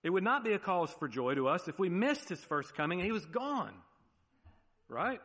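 Animated male pastor preaching in a hall. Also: fairly high pitch, fairly quick. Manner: animated preaching, drops to quiet emphasis. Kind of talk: sermon.

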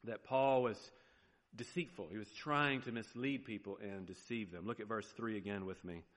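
A man's voice: fairly low pitch, fairly even intonation, normal speed, fairly bright tone. A man with a Southern US accent preaching a sermon as pastor, explaining a passage in a conversational way with fillers and rhetorical questions. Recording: long hall reverb.

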